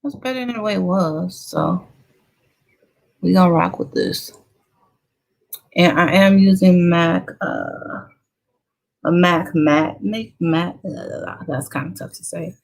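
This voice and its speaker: Woman, 30s, beauty vlogger; low voice with gravelly fry, chatty and encouraging with her audience. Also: very animated, a little slow, pauses often. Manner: chatty, encouraging, talks straight to viewers. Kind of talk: casual makeup tutorial chat.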